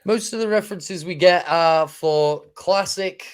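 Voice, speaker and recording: Man with a slightly high, halting voice. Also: clear, resonant tone. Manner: hesitant, lots of restarts and fillers. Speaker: podcast co-host. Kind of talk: casual chat.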